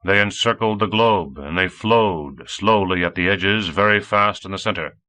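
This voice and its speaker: A deep, droning android robot from an older world, as a male narrator puts it on. He answers in a flat, literal monotone, and his tone stays crisp and bright. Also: normal speed.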